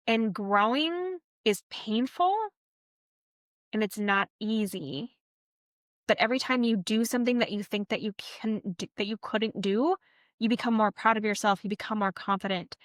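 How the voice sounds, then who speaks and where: A woman's voice: fairly high pitch, fairly bright tone, no echo. A woman, a veterinary technician co-hosting a podcast, telling her story in a candid, earnest casual chat. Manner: reflective, encouraging. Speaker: podcast co-host.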